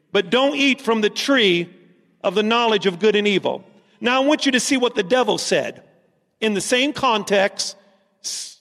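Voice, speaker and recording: A man's voice: sits high, fairly bright tone, long reverb tail. A man preaching a sermon as pastor, emphatic and repeating lines for stress.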